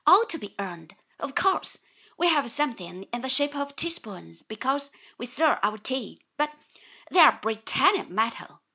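A woman's voice: sits high, animated, measured pace, pushed and bright, breathy edge, full character voice. A woman voicing an earnest, chatty young married man who drops into confidential tones, on slightly dull audio. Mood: eager. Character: cheerful young man, newly married lawyer.

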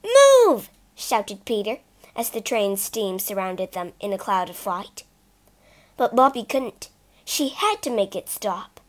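A woman narrating a children's storybook in a careful, expressive reading. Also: medium pitch, a little slow.

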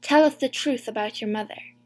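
A rich and powerful judge questions the court in a cold, commanding way as a woman narrator reads him. The voice stays fairly high and light, with firm, measured words. A storybook reading of authority without warmth. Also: close to an everyday voice. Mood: stern. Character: stern, powerful older male judge. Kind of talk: audiobook reading.

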